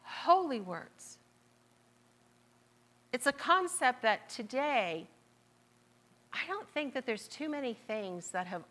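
A woman's voice: high voice, sing-song, slow, pauses often, fairly bright tone. A woman with a Southern accent preaching a sermon, repeating phrases and stretching out key words for emphasis.

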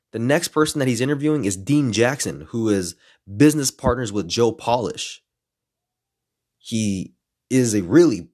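A man in his twenties, a podcast host telling a story in casual, lively style, adding some playful swearing. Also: mid-range voice, slightly rough. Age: 20s.

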